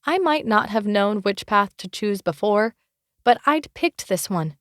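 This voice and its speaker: A woman narrating a fantasy romance audiobook in first person, wry and expressive, close to the mic. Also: medium pitch, unhurried, no echo.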